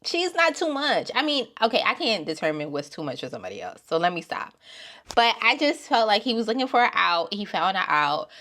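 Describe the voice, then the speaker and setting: A woman giving blunt, profane opinions in a casual vlog, dropping from low mutters to loud exclamations. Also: big pitch swings, fairly quick. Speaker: TV show reviewer.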